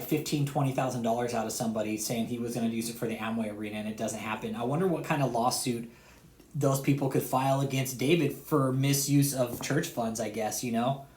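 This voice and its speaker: A man in the middle of a heated, swear-heavy rant. His voice sits at an ordinary middle pitch. He lurches from loud outbursts to low, muttered sarcasm and keeps repeating himself. The sound is roomy and echoey. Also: fairly even intonation, a little fast. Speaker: online commentator. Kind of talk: heated profane rant to subscribers. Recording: roomy echo.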